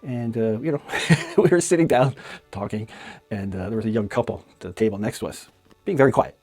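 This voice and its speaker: A man's voice: on the low side, brisk, a little mellow, breathy edge, faint music behind. A middle-aged man from Canada, a magician, telling fond and chatty stories about a late friend with frequent laughs. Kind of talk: casual spoken memorial tribute.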